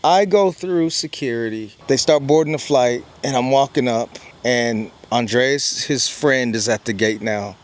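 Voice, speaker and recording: A man's voice: medium pitch, unhurried, few pauses. A man earnestly telling a personal travel story to camera, emphatic and acting out the dialogue. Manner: earnest, emphatic retelling with lots of quoted dialogue.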